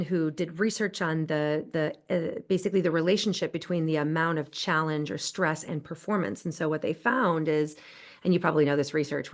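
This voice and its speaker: Lower-voiced woman explaining research. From United States. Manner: explanatory, enthusiastic, cites research. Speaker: podcast guest, positive psychology expert. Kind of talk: conversational interview. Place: Southern California.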